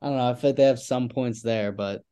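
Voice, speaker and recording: A man as a guest on a casual podcast chat, hesitant and full of fillers, rushing when he gets going. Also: mid-range voice, warm tone, clean tone.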